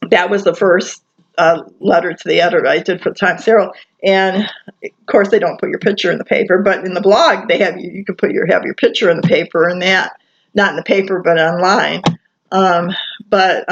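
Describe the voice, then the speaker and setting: A woman from Michigan talking alone in her apartment at night, rambling through many fillers and restarts. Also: medium pitch. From Michigan, USA. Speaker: vlogger. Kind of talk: rambling casual monologue. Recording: muffled lo-fi home recording.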